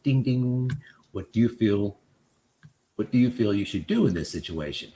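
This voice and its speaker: A man's voice: on the low side, animated, normal speed, warm tone, slight background noise. A man hosting a podcast, reading his own written account aloud and laughing often in between. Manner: laughs often while telling the story.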